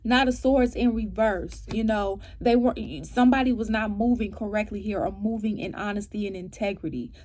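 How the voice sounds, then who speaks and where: A woman giving a casual tarot reading to her viewers. She asks animated rhetorical questions and keeps checking in with "right?" and "okay?". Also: mid-range voice, moderate pace, hardly any pauses, a little hiss or hum. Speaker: tarot reader.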